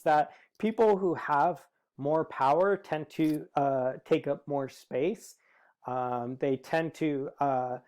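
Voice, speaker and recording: A man's voice: on the high side, mellow, smooth. A man giving a lecture, explaining his points steadily with frequent filler words. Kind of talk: recorded lecture.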